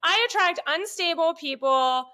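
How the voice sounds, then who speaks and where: A woman's voice: extremely high pitch, measured pace. A woman, a podcast guest, telling casual stories bluntly and with lots of swearing, acting out the voices of the people in them. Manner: blunt, profane, animated retelling with quoted voices. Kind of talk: casual storytelling chat.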